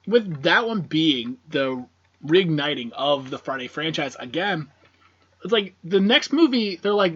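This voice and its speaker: A man's voice: on the high side, sing-song, measured pace, fairly bright tone, breathy edge. Rambling, cursing man on a dull podcast mic. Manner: rambling, profane, many fillers. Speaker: podcast co-host. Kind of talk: casual film discussion.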